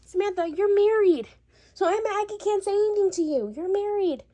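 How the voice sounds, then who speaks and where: A woman's voice: very high-pitched, brisk, mellow, voice pushed up. A woman voicing an insistent young female friend who keeps repeating her questions in a doll-play story.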